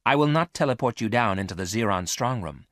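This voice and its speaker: A man reading aloud, voicing a calm male robot that runs a spaceship, formal and precise in his speech. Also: fairly low pitch, a little fast, no room sound, clean studio sound, pitched above the performer's own voice.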